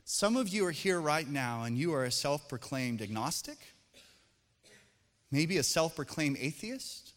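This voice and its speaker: A high, bright-toned man preaches in a church auditorium, trailing a long reverb behind each phrase. He talks like he's chatting with the crowd, slipping into playful family stories and then easing down into gentle, sincere encouragement. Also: very animated, measured pace. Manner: conversational, jokey storytelling that drops to soft, earnest appeals. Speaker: pastor. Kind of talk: sermon with humorous family anecdotes.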